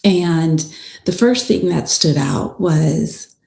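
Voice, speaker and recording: Female attorney-host, low and unhurried, plainspoken storyteller, recorded in an echoey room. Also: expressive, gravelly, mellow. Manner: chatty and plainspoken, with frank personal asides. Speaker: family law attorney and podcast host. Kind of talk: casual storytelling recap of a trial.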